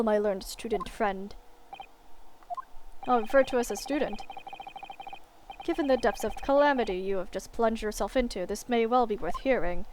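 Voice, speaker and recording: A woman voicing a stern, pompous elderly male judge in a video game, speaking formally and gravely. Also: fairly high pitch, noisy background, voice pushed down, close to an everyday voice.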